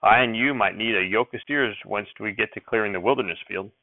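A man voicing an excitable, cranky old rural grandfather who talks in folksy dialect and repeats his exclamations. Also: lowish voice, fairly quick, dry recording, phone-quality sound, natural voice. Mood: excited.

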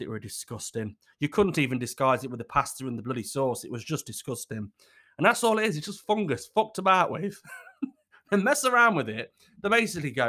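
A man's voice: medium pitch, fairly bright tone. A man telling a comic personal story, swearing often, laughing and acting out the quotes. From United Kingdom.

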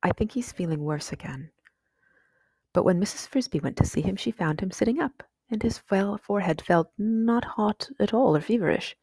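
A woman reading a storybook chapter aloud in a steady, measured way. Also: mid-range voice, vocal fry, breathy edge, dry recording, clean studio sound. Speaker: audiobook reader. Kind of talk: storybook narration.

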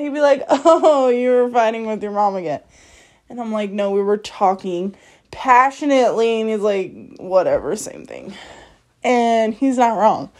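A woman's voice: high-pitched, darkish tone. A woman hosting a podcast, telling a personal story in a frank, profane way and laughing often as she talks. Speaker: podcast host. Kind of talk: candid personal monologue.

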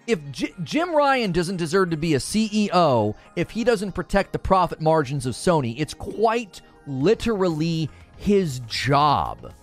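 A fairly high-voiced male streamer delivers heated gaming commentary. His pitch swings widely as he argues, turning sarcastic and mocking. Soft music plays faintly behind him. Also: measured pace, few pauses. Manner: animated, sarcastic, mocks viewers in put-on voices.

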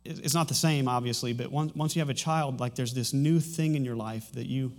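Speaking at a medium pitch and a brisk pace, a thirtysomething pastor delivers his sermon in a loose, rambling way. He frequently restarts sentences, letting light humor slip in along the way.

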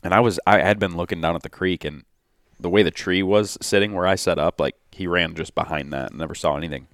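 Deep-voiced man telling a hunting story. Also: fast, dry recording, studio quality. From Michigan. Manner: excited narration with quoted dialogue. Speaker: hunting podcast host. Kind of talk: casual storytelling chat.

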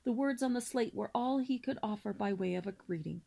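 Gravelly woman reading a storybook aloud. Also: a little high, brisk. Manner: steady storybook reading with small slips. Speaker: reader. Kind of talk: reading a children's novel aloud.

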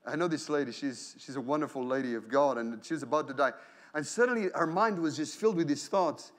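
Preaching briskly from a church pulpit, a high-voiced male pastor brings prayers and inner thoughts to life in different voices. He's animated, and his phrases frequently stumble, repeat and get restarted.

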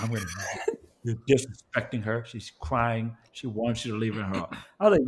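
A man's voice: mid-range voice, lively intonation, normal speed. A young man, a podcast co-host, telling a bar story in casual, profane chat and laughing as he goes.

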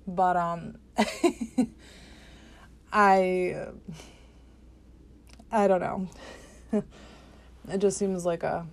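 A woman's voice: mid-range voice, darkish tone. A woman hosting a podcast, delivering a profane, skeptical political rant with exasperated outbursts. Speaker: podcast host. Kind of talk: ranting political monologue.

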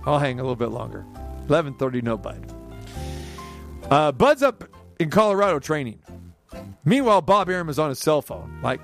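A man hosting a sports talk radio show, telling a story in an animated monologue, his voice climbing sharply when he gets riled up. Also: fairly high pitch, moderate pace, faint music behind.

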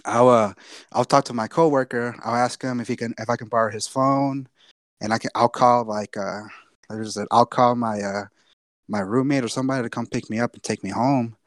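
A man's voice: medium pitch, steady tone, brisk, dry recording. Young guy, podcast co-host, rambling storyteller, dry close sound. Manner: loose, profane, repeats himself. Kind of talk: casual storytelling.

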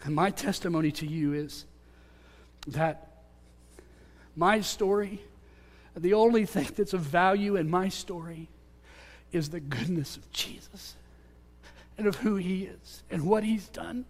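High-voiced man preaching in echoing hall. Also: unhurried, pauses often. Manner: earnest storytelling, swings from loud to hushed. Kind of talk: sermon testimony. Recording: long hall reverb.

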